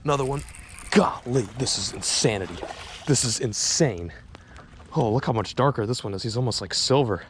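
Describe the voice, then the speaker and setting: A young man filming a fishing vlog on a riverbank, talking excitedly and stammering when a fish bites. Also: mid-range voice, moderate pace, background noise. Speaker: fishing vlogger. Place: outdoors on a river bank.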